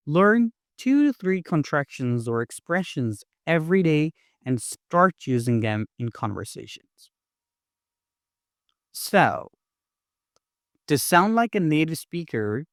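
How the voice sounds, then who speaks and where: Slow, deliberate male English teacher. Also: fairly high pitch, dry recording, clean studio sound. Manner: clear, deliberate, instructive delivery. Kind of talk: scripted lesson narration.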